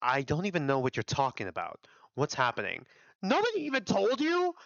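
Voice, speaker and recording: A man voicing a mocking, lazy middle-aged male doctor who speaks dryly and dismissively in a lowered voice. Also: huge pitch swings, fairly quick, fairly bright tone, no echo, dull audio, exaggerated voice. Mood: amused dismissive.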